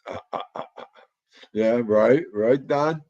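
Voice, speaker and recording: Hosting a casual livestream, this man chats to his audience and reads out their comments, rambling animatedly with sudden loud outbursts. He speaks slowly at a medium pitch, and the muffled recording carries no echo.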